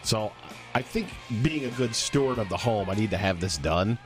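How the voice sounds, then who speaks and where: A man's voice: on the low side, lively intonation, normal speed, over music. A man co-hosting a morning radio show in easygoing, self-deprecating banter. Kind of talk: casual morning radio chat.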